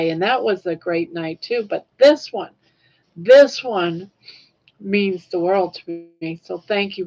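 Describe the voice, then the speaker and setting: Reading out viewers' comments, a livestream host in her sixties chats casually and emotionally with her audience. Her voice is medium-pitched and the sound is lo-fi.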